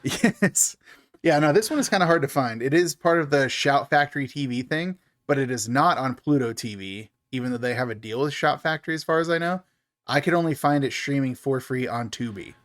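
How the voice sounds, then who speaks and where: A man's voice: medium pitch, a little fast, fairly bright tone. A man co-hosting a podcast, chatting casually about a horror movie and laughing often. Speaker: podcast co-host. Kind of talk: casual movie review chat.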